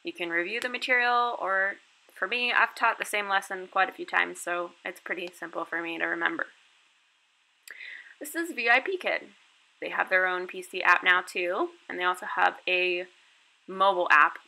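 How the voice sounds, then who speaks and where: On the low side and at normal speed, this woman speaks with vocal fry and a sharp tone, recorded with poor audio. An online English teacher, she chats her way through a step-by-step screen-recorded tutorial of her lessons, dropping casual fillers.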